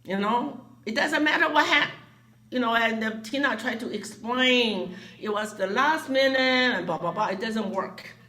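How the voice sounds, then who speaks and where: Speaking at a moderate pace in a fairly high voice, a woman who directs a foundation tells a gathering a story, animatedly performing the voices of those she quotes.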